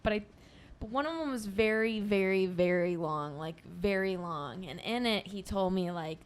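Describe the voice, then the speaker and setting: A woman's voice: medium pitch, moderate pace. A woman comedian guest on a podcast, telling stories and reading out messages in casual chat.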